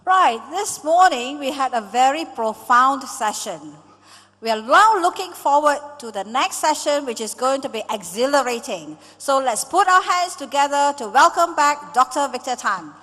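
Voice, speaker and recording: A woman's voice: high-pitched, expressive, moderate pace, a bit bright. A woman emcee making an upbeat, formal stage announcement to introduce the next speaker. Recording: reverberant conference hall.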